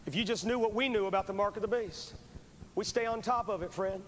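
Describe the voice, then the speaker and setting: Fervent and urgent, this evangelist pleads with a revival crowd, repeating his phrases in a high, brisk, fairly bright voice. He delivers a revival sermon ending in an altar call. The recording is a poor VHS tape from a large church, with long hall reverb and a faint hiss.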